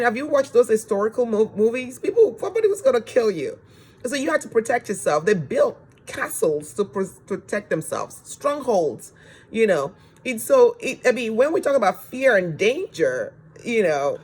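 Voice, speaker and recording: A man giving a recorded self-help lecture as course instructor, earnest, putting rhetorical questions to the listener and repeating phrases for emphasis. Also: high voice.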